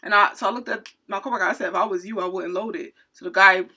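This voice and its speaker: A woman who works as a retail cashier, telling a story from her job in an indignant, animated storytime rant. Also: mid-range voice, fast talker.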